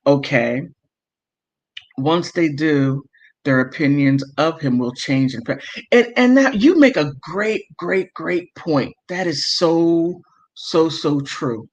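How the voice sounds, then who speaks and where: A man's voice: a little high, lively intonation, takes it slowly. A man hosting a livestream, reading chat comments aloud and riling himself up, often stopping to apologize and correct himself. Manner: emotional, heated, self-interrupting and apologetic. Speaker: livestream host. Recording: dull lo-fi audio.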